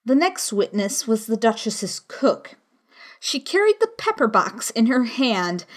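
A woman reading a children's classic aloud as an audiobook narrator, in a measured way. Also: fairly high pitch. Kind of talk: storybook narration.

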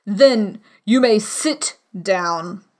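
A woman doing a slow, fussy old king. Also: mid-range voice, animated. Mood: ponderous. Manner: slow and ponderous. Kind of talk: audiobook character voice.

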